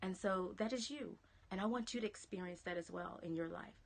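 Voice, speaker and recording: A woman's voice: medium pitch, a little fast, vocal fry. A woman with a Southern American accent giving an encouraging live-stream pep talk, chatting to viewers and dropping to a whisper on key phrases. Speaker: motivational speaker. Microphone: phone or webcam live stream.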